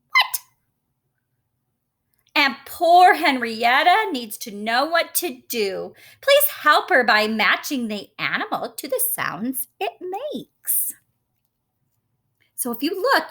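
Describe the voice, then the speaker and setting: Wildly lively woman reading to children. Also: sits high. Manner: animated, coaxing teacher-like storytime voice. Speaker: children's story reader. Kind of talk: reading a picture book aloud to children.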